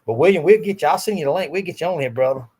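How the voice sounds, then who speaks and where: A man's voice: a little high, lively intonation, rapid-fire, a little mellow, slightly rough. Laid-back Southern man with a Geechee accent. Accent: Southern US, coastal Geechee-tinged. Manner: laid-back rambling with chuckles. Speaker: podcast co-host. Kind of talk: casual chat.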